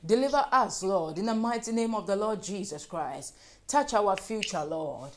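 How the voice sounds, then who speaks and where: A woman's voice: mid-range voice, animated, moderate pace, background noise. Woman, prayer leader, fervent, repetitive petitions, speaking in tongues. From Africa. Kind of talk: leading fervent group prayer.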